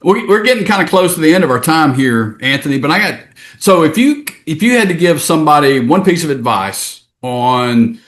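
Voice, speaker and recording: A man's voice: fairly high pitch, very animated, moderate pace, a bit bright. A man hosting a podcast, asking questions in a loose, conversational way and restarting his sentences. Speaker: podcast host, trade association CEO. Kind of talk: interview.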